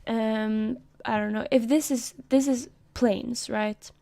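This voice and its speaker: A woman streamer talking in a soft, rambling way, breaking into giggly asides while she explains a story to her chat. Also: a little high, steady tone, slow, vocal fry. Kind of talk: casual live-stream commentary. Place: own room.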